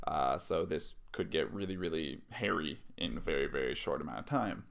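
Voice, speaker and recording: A man's voice: rumbling low, normal speed, gravelly, few pauses, fairly bright tone. A man vlogging and casually telling a first-person story, rambling with lots of fillers and asides.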